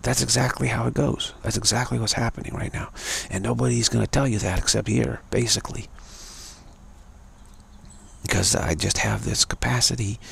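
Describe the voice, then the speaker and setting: A man's voice: medium pitch, gravelly, husky. A man giving an emphatic, repetitive live-streamed monologue, warning his listeners again and again. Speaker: speaker of a live-streamed show.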